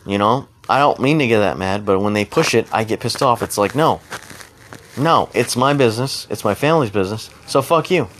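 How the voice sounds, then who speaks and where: Into the camera, a man delivers an unscripted angry rant, blunt and heated and swearing freely. His lowish voice moves briskly, and the noisy recording has clicks in it.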